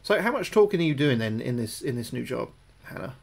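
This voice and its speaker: A British man streaming a game live, talking through each move, often repeating himself, thanking his viewers and getting jumpy and loud when spooked. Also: mid-range voice, sing-song, brisk, vocal fry. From United Kingdom. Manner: chatty, repeats his own phrases, thanks viewers between moves. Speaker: gaming livestreamer. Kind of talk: live gameplay commentary.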